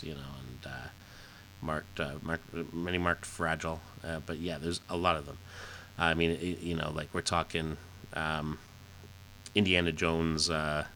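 A man's voice: rumbling low, pushed and bright, slight background noise. A man hosting a podcast, casually recapping an old comic book, rambling with lots of fillers. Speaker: podcast host.

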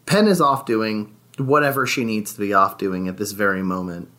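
A man's voice: fairly low pitch, moderate pace, sharp tone. A man narrating a tabletop game as game master, in a laid-back way, asking the players questions.

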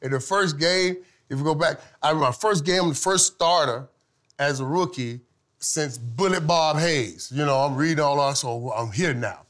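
Animated storytelling man, laughing often. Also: fairly high pitch, normal speed. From from Saint Thomas. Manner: animated, laughing, swings from loud to hushed. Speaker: guest, former football player. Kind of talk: casual storytelling.

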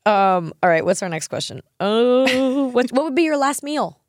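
A woman's voice: fairly high pitch, animated, moderate pace, slight background noise. A woman in her forties hosting a podcast, chatting casually with a rambling, laugh-filled way of talking. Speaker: podcast host. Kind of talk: casual chat.

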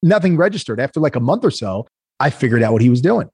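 A man, a guest entrepreneur telling animated stories in a casual interview, acting out the voices of the people he quotes. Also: medium pitch, fast talker, slightly rough, no echo, studio quality. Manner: animated storyteller, acts out quoted voices, frequent "right?".

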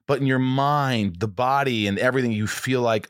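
A man hosting a podcast, talking in an earnest, halting way as he relates to his guest. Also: mid-range voice, no room sound, clean studio sound. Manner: earnest, halting, with many restarts. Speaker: podcast host. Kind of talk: casual chat.

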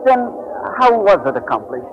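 A man's voice: high-pitched, big pitch swings, normal speed. An actor in 1940s radio acting, playing an earnest, polite young sidekick who calls his boss sir. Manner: earnest, deferential, says "sir". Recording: dull, hissy old radio recording.

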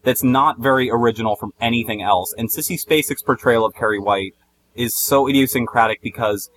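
A man's voice: medium pitch, brisk, a bit bright, slight background noise, rough recording. A man reviewing films in a casual debate, arguing his point emphatically. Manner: argumentative, emphatic. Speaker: film reviewer.

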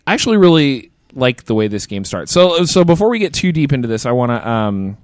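A man's voice: medium pitch, very animated, a little fast, clean tone, no echo, studio quality. Laid-back man hosting a gaming podcast. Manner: loose, swears freely, rambling. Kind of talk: casual gaming chat.

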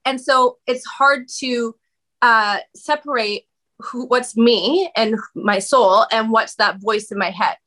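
A woman guest on a podcast speaking candidly about her own experiences in an expressive, animated conversational way. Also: fairly high pitch. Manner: animated, expressive, quick bursts of speech.

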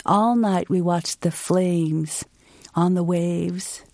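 A woman from the United States performing a personal story and then talking as an interview guest, vivid and expressive. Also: fairly low pitch, slow pace, gravelly, no room sound, studio quality.

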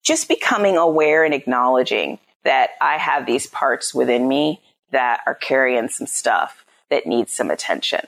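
A woman's voice: extremely low pitch, expressive, normal speed, vocal fry. A woman psychologist and parenting coach explaining her ideas in a conversational interview, often checking in with "right?".

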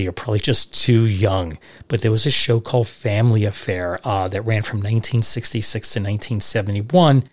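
A man's voice: on the low side, a little mellow. A middle-aged man hosting a podcast, reading old letters aloud and adding chatty, dry, sarcastic asides. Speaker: podcast host.

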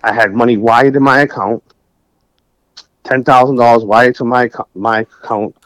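A middle-aged music producer from Massachusetts tells his story in an animated, conversational way, acting out what people said. His voice sits at an ordinary pitch and sounds close and dry. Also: moderate pace, no echo, poor audio. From New Bedford, Massachusetts. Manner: animated, acts out dialogue.

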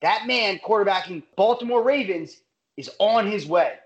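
High-voiced emphatic sports betting host. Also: male voice, normal speed, dull audio. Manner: emphatic, animated, repeats phrases. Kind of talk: casual sports betting talk.

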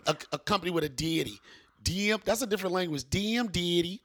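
A man's voice: on the high side, fast talker, noisy background. A middle-aged man, a guest comedian, telling stories in a loose podcast chat and slipping into playful mock phrases. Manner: animated storyteller, slips into mock phrases and sing-song bits.

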